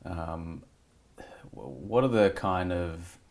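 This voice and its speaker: A man interviewing a guest, asking measured questions with frequent fillers. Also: sits low, lively intonation, a little mellow. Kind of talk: podcast interview.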